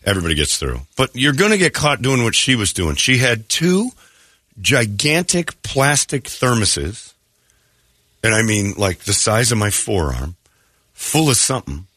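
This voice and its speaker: Speaking in an unhurried, sing-song way, a man with a mid-range, pushed and bright voice hosts a morning radio show. He wanders through casual tales, acting out what people said and clearing his throat. The sound is dry and clean, from a studio mic.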